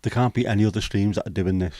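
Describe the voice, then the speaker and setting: Reading his chat aloud in a casual livestream, this host from England trades blunt, sweary banter in a rapid-fire way. His voice is on the low side with a dark tone, and the recording is dry.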